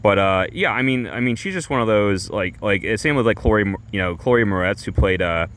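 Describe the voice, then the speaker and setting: A man streamer telling a rambling comic story, halting and full of fillers and restarts. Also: lowish voice, expressive, fairly bright tone, a little hiss or hum. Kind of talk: rambling comedic monologue.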